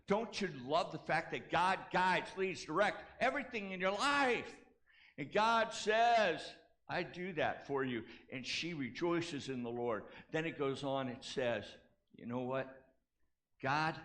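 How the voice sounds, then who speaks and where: A man's voice: a little high, lively intonation, unhurried, a bit bright. A male pastor preaching a sermon, leading the congregation in call-and-response and repeating key phrases for emphasis, with casual asides. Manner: casual asides and self-corrections.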